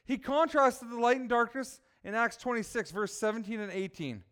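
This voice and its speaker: A man with a high, smooth voice preaches a sermon. He keeps it lively and asks his listeners questions. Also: moderate pace. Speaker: children's preacher.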